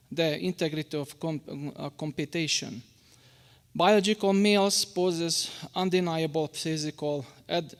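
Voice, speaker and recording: A weary man with a Hungarian accent addresses a school board during public comment. He stumbles over words, restarts, and apologizes as he goes. His voice sits a little high and trails into a long hall reverb. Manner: halting, apologetic, many restarts. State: tired. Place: school board meeting room.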